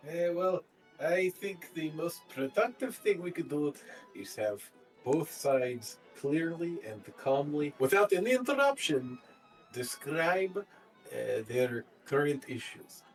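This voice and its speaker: A man's voice: a little high, very animated, recorded from a distance, faint music behind. Hesitant male player, a little off-mic. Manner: hesitant, measured. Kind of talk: playing a tabletop game.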